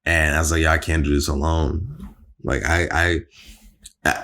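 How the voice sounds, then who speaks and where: A young man co-hosting a podcast, talking in a relaxed, slangy way full of "like" and "yo". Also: a bass voice, moderate pace, creaky. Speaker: podcast co-host. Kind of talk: casual chat.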